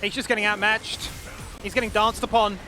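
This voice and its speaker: A high-pitched man gives play-by-play esports commentary. His calling is animated and punchy. Music plays clearly behind him. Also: brisk. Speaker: esports caster.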